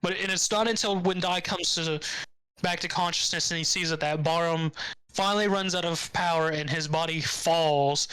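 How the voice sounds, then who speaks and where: Podcast co-host, male, bright tense tone, animated sarcastic retelling of episodes. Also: on the high side, normal speed, clear, resonant tone, no echo, rough recording. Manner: animated retelling, acting out characters' lines with sarcastic asides. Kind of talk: casual anime recap chat.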